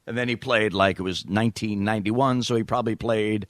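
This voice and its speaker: A man in his thirties hosting a podcast, telling comic stories in an animated way. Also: on the low side, brisk, no echo, clean studio sound. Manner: animated, slips into voices and quotes. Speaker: podcast host. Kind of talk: comic storytelling.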